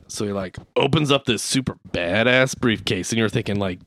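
Male podcast host, bright, lively, profane storyteller, dry close sound. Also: lowish voice, normal speed, no echo. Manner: animated, swears, acts out quotes in exaggerated voices. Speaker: podcast host recapping a movie. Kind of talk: casual chat.

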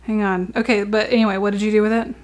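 A woman's voice: mid-range voice, flat delivery, fast, darkish tone. A woman co-hosting a podcast, chatting casually and filling her speech with "like". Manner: chatty, many "like" fillers. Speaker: podcast co-host. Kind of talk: casual chat.

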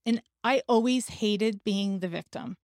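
A woman's voice: mid-range voice, measured pace, a little mellow, no echo, studio quality. Candid woman telling a story. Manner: candid, conversational, laughs now and then. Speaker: podcast host. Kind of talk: personal storytelling.

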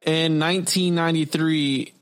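A man's voice: a little high, fairly even intonation, moderate pace, fairly bright tone, soft background music. A young man hosting a casual podcast, reading stories aloud, swearing freely and stumbling over words. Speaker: podcast host.

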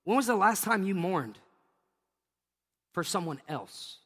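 Middle-aged man, pastor preaching, high voice, long hall reverb, storytelling with jokes. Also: animated, a little slow, fairly bright tone, slightly rough. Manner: storytelling, jokey asides, laughs at own jokes. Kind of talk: sermon.

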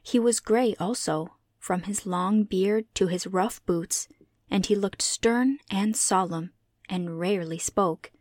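A woman reading a classic children's novel aloud as narrator, in a measured, clear delivery. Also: mid-range voice, darkish tone, dry recording, studio quality. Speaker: audiobook reader. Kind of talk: scripted storybook narration.

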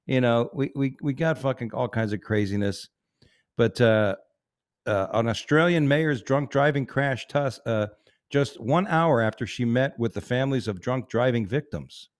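A man's voice: medium pitch, normal speed, clear, resonant tone, no echo, clean studio sound. A married man co-hosting a podcast, reading news stories in a loose, profane, joking way. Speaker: podcast co-host. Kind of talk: casual crude news chat.

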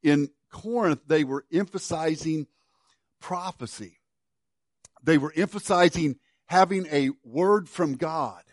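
A middle-aged man preaching a sermon in a conversational way, restarting and repeating words, and dropping to a quiet low voice on key words. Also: takes it slowly, no room sound, studio quality. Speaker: pastor.

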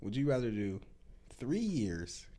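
A man's voice: mid-range voice, very animated, unhurried, mellow. A man co-hosting a podcast, chatting casually and laughing along. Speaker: podcast co-host. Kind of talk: casual chat.

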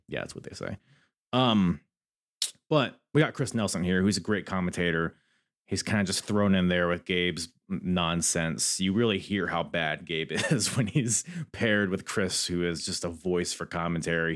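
A man's voice: low-pitched, moderate pace, fairly bright tone. A man hosting a podcast, rambling candidly through a casual review and swearing freely. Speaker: podcast host.

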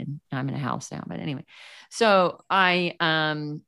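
A woman's voice: deep voice, fairly quick, gravelly, clear, resonant tone. A woman guest in a casual chat, animatedly telling a personal story with lots of fillers and acted-out quotes. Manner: animated, acts out quoted voices, frequent fillers.

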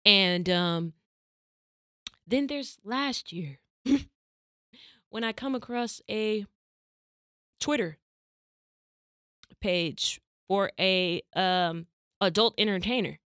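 A woman's voice: medium pitch, extremely slow, pauses often, dry recording, clean studio sound. A young adult woman from California, hosting a podcast and telling a personal story in casual chat, acting out the dialogue. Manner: animated, acts out quoted dialogue. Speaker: podcast host.

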